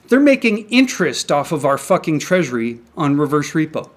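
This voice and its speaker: Angry young man ranting, pitched a bit high. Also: very animated, moderate pace, few pauses. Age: young adult. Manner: swearing, agitated, stumbling restarts. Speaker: independent crypto commentator. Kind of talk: angry solo rant to camera. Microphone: camera mic.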